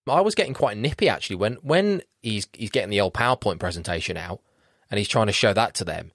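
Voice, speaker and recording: A man chats casually about a horror film on a podcast. His pitch swings all over as he acts out his reactions. The sound is close and dry, with no room around it. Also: animated, fast talker, fairly bright tone, dry recording. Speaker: podcast host. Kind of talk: casual film review chat.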